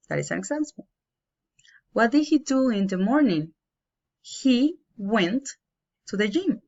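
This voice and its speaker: A woman with as her teaching an English grammar lesson, slowly and carefully, spelling out each example. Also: fairly high pitch, very animated. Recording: dull lo-fi home recording.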